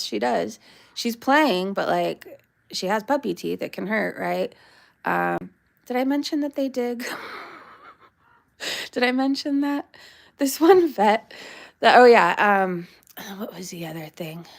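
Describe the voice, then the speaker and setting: A woman vlogging live from her backyard, chatting in a meandering way and breaking off to scold her dog. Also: mid-range voice. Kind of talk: casual rambling chat. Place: backyard, outdoors.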